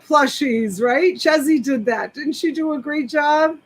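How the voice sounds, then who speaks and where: Speaking from a high register at an unhurried pace, a woman hosts a live selling stream and chats eagerly, rambling on about every piece of clothing. The low-quality recording comes from a desktop USB mic.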